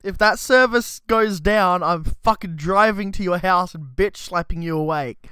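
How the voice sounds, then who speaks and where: A man's voice: sits high, a little slow, sharp tone, clear, resonant tone, dry recording, clean studio sound. A man streaming a video game, commenting casually, swearing and joking at a desk microphone. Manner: swearing, joking, laughing to himself.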